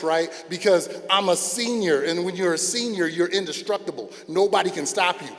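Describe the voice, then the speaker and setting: A middle-aged man giving a storytelling graduation speech as a school principal, acting out the people in his stories with big swings in loudness. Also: high-pitched, brisk, few pauses. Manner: animated, acts out quotes with big swings in loudness. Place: large outdoor amphitheater. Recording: long echo of a big outdoor venue.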